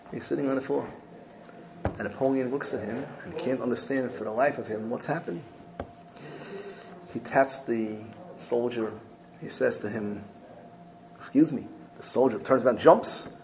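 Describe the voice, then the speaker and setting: A man's voice: medium pitch, gravelly. Man telling a story in a religious talk, earnest, repeats himself, slight hiss behind. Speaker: speaker giving a religious talk. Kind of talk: storytelling sermon.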